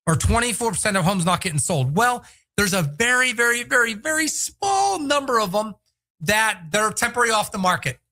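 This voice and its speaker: Male host, high bright voice, pushy and upbeat salesman energy. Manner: energetic, salesy, breaks into shouted impressions. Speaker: podcast host, real estate agent. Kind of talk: solo talk show.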